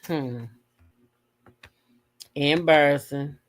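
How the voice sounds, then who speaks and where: A woman hosting a casual gossip livestream, talking with her chat, swearing freely and breaking into high shrieks as she retells her reactions. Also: steady tone, drawn-out words. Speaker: livestream host.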